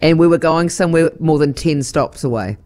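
A woman's voice: deep voice, brisk, a little mellow. A woman co-hosting a breakfast radio show, chatting and joking. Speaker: radio co-host.

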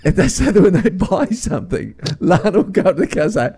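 A man's voice: high-pitched, very animated, fast talker, creaky, mellow, a little hiss or hum. A man hosting casual breakfast radio banter in a studio, teasing, laughing often and playing at exasperation. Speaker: radio host.

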